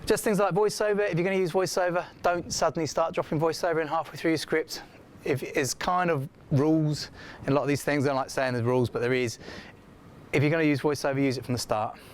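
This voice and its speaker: A man's voice: a little high, fast, a little hiss or hum. Chatty man giving a lecture. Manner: chatty, animated, acts out quoted feedback. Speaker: scriptwriting lecturer. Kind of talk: informal classroom lecture. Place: classroom.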